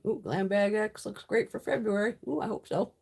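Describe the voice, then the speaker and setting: Reading viewer comments on her casual beauty livestream, a woman gives blunt, heavily profane opinions in a chatty, rambling style with frequent restarts. Her voice is medium-pitched, a little mellow and slightly rough, with vocal fry, at a moderate pace.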